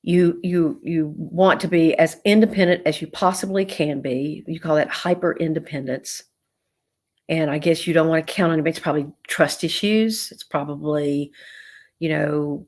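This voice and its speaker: Southern-accented woman psychologist, middle-aged, low voice, easy conversational advice. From American South. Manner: warm conversational advice with retold dialogue. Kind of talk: live-stream Q&A.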